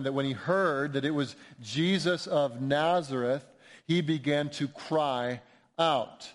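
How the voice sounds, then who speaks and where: A man preaching an expository sermon, emphatic and building intensity at key points. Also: fairly high pitch. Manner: emphatic, rising to near-shouts when quoting cries. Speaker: pastor.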